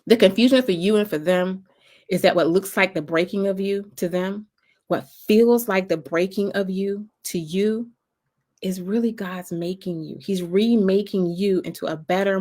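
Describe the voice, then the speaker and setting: A woman with a North Carolina Southern accent delivers a faith-based pep talk. She drives her points home by repeating lists and phrases in a rolling, preacher-like rhythm, and her voice sits at an ordinary pitch for a woman. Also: normal speed, darkish tone. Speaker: motivational speaker and author.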